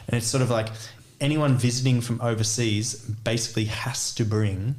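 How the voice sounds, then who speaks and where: A man's voice: medium pitch, steady tone, a little fast. A man with an Australian accent chatting as a podcast guest, rambling and full of filler words. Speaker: guest, DJ and music producer. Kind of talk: casual podcast chat.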